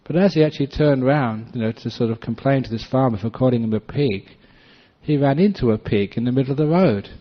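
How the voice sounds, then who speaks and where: A man's voice: medium pitch, brisk. A man speaking as a Buddhist monk in a dharma talk, telling anecdotes and often laughing. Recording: dull lo-fi recording.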